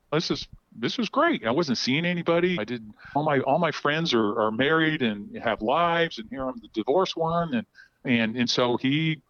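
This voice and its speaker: A man sits as a guest and tells a long, frank personal story at a middling pitch. He stumbles and repeats words as he talks. The recording sounds dry and a little dull, like lo-fi audio. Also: no room sound. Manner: halting, repeats words while telling a story. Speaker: podcast guest.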